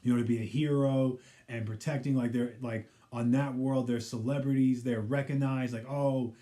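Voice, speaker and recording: A man with a warm, mellow, mid-pitched voice recapping a TV episode in a loose, rambling way. He keeps saying "you know" and now and then drops into the characters' quoted lines. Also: steady tone, moderate pace. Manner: rambling, heavy use of "you know" fillers. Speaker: pop culture vlogger.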